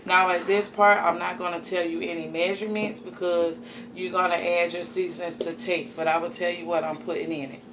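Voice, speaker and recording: Brisk and low-voiced, with little pitch movement, a woman cooks in her home kitchen and talks viewers through a recipe for a casual show. Her manner is folksy and chatty, full of "y'all" and "honey," and background noise can be heard.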